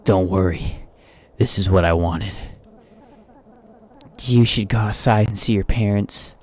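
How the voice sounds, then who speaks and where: A man voicing a regretful male doll servant, reading the lines aloud slowly and plainly. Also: fairly low pitch, darkish tone, lightly acted. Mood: calm. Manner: reads the game's text aloud slowly and plainly.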